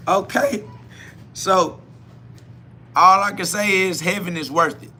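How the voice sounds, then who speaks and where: Host, male, bright tense voice, preachy live self-talk, faint background hum. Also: high voice, slow pace, long pauses. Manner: preachy, repetitive, swings between quiet musing and loud emphatic bursts with laughter. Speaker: podcast host.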